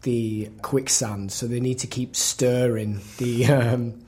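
A man's voice: mid-range voice, level tone, takes it slowly, a little mellow, slightly rough. A man co-hosting a comedy podcast, laid-back and a little hesitant in casual chat. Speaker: podcast co-host.

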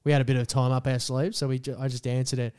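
A man's voice: mid-range voice, little pitch movement, quick pace, darkish tone, clean tone. A young Australian man co-hosting a podcast, joking crudely and swearing often in casual chat. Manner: crude, jokey, swears a lot. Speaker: podcast co-host.

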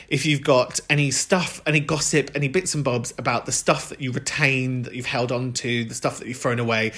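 A man's voice: medium pitch, a bit bright. A young man hosting a podcast in a casual monologue, chatty and swearing, laughing often. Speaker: podcast host.

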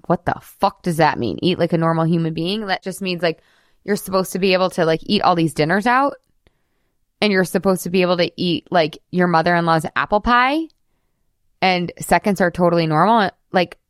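A woman's voice: fairly low pitch, no echo. Woman podcast host and coach, chatty and giggly, casual swearing, dry close-mic sound. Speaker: host, weight loss coach.

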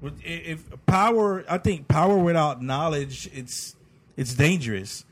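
Give me a male podcast guest with a husky, slightly high voice. He speaks earnestly about faith and trips over his words, restarting his thoughts as he goes. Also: a little slow. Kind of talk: casual faith discussion.

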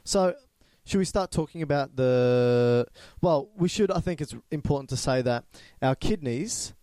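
A man's voice: mid-range voice, expressive, measured pace, warm tone, no echo. A man, co-hosting a casual educational podcast, explaining and teasing playfully. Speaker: podcast co-host.

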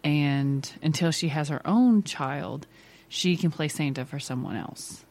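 Low-voiced mom chatting about family stuff, laughs a lot, easygoing. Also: female voice, unhurried, a little mellow. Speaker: mother. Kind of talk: casual chat.

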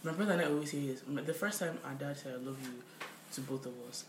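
A young woman co-hosting a podcast in casual chat, telling animated stories and acting out the people she quotes. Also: low-pitched, quick pace, slight background noise. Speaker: podcast co-host. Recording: roomy echo.

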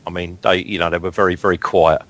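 A man's voice: low voice, level tone, fast talker, a bit bright. A man hosting a football fan talk show, blunt and sweary, getting worked up about his club. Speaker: radio show host. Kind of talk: casual fan chat.

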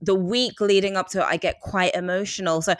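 Woman podcast co-host, mid-pitched, expressive chatter, dry close mic. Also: brisk, dry recording. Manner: chatty and expressive, animated when quoting others. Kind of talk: casual chat.

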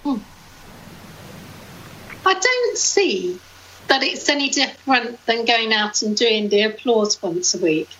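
Woman co-host, chatty and giggly, bit of a higher voice. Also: moderate pace, hardly any pauses, a bit bright, muffled recording, a little hiss or hum. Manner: chatty, anecdotal, laughs easily. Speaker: podcast co-host. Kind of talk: casual chat.

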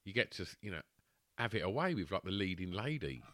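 A man's voice: low voice, very animated, fairly quick, a bit bright. A man, co-hosting a podcast and rambling enthusiastically about films, swearing freely. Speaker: podcast co-host. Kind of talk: casual banter about films.

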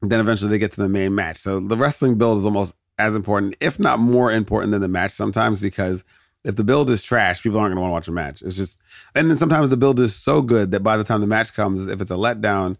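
A man's voice: fairly low pitch, quick pace, gravelly, no room sound, clean studio sound. A man hosting a podcast, chatting casually and digressing into jokes, laughing often. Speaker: podcast host. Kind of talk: casual rambling commentary.

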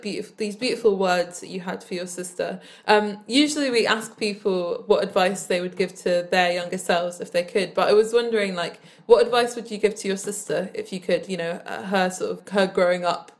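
Woman co-hosting a podcast. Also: mid-range voice. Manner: warm, rambling questions with fillers. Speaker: podcast co-host. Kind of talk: conversational interview.

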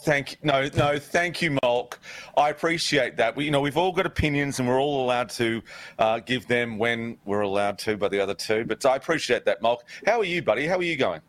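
An Australian man co-hosting a chat show, arguing his point in a lively, friendly way. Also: mid-range voice, brisk. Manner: argumentative, animated, friendly. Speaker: co-host. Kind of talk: casual chat show banter.

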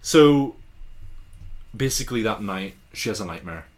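Low-voiced man animatedly retelling a film. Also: a little slow, a little hiss or hum. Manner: animated storytelling, acting out characters' lines in raised voices. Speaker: podcast co-host. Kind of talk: casual chat retelling a film plot.

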